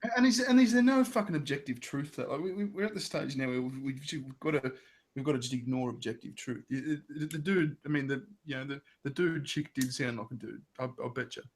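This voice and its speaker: A man's voice: mid-range voice, a little fast. A man in casual, profane chat, blunt and indignant, often stumbling over repeated words. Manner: blunt, indignant, stammering restarts.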